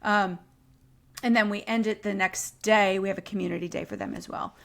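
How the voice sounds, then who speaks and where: A woman's voice: mid-range voice, steady tone, fairly quick, gravelly. A woman who is a guest on a podcast interview, telling stories in a chatty, enthusiastic way.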